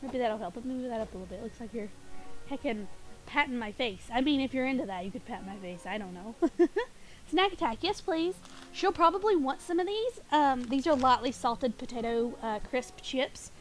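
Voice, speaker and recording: A woman's voice: on the high side, expressive, soft background music. A woman live-streaming a game from home, chatting playfully and giggling, a little sniffly and groggy. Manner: playful and giggly, quick asides. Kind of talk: casual live-stream chat.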